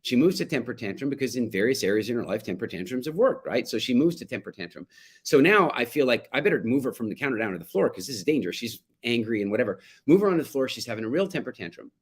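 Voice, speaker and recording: A man's voice: mid-range voice, big pitch swings, fast talker, husky. A middle-aged man speaking to parents, telling a family story and acting out the quotes. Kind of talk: talk to parents.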